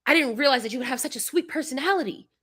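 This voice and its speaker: A bright, forceful-sounding young woman tells a long story in casual chat to her livestream viewers. She sounds tired and a bit congested, and she plays the people she quotes with lively, animated delivery. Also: sits high, racing, slightly rough. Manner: animated storyteller, acts out quotes, sudden loud outbursts. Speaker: vlogger, mother of young kids.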